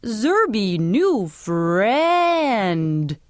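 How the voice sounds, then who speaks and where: A woman voicing a small slimy purple alien who speaks in broken grammar and yells the last words. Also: mid-range voice, big pitch swings, very slow, no room sound, studio quality. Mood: eager. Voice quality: wet, drooling.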